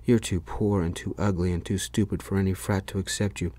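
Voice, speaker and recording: A man's voice: low voice, fairly even intonation, a little fast, mellow. A man voicing a drunk, pushy ex-boyfriend who belittles his ex, in whispered role-play. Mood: belittling. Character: drunk, clingy, insulting male ex-boyfriend.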